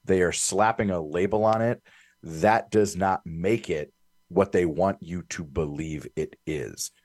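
A man talking politics on a discussion show, animated and getting fired up as he argues his points. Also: sits low, measured pace, dry recording, studio quality. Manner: animated, building to fired-up emphasis. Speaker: political commentator. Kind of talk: political talk radio discussion.

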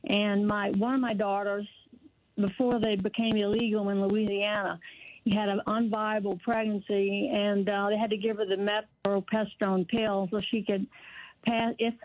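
A woman's voice: mid-range voice, level tone, moderate pace, no room sound. An older woman calling into a radio talk show, telling her story in an earnest, rambling, indignant way. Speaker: caller. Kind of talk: phone call to a talk show. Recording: dull dry phone line.

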